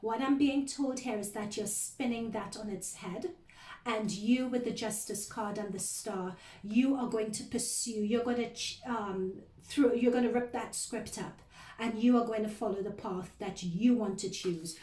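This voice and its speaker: A woman reads tarot for her viewers in a soft, mellow voice, talking earnestly and drifting from point to point. She sits some way back from the mic, and the room adds a noticeable echo. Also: fairly high pitch, measured pace. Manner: earnest, rambling, addresses listeners as "you guys". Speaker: tarot reader. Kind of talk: recorded tarot reading addressed to viewers. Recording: roomy echo, voice distant from the mic.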